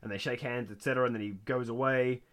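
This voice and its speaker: A man co-hosting a podcast, casually retelling a TV episode and jumping into high, excited voices for the characters. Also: fast. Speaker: podcast co-host. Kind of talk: casual chat recapping a TV episode.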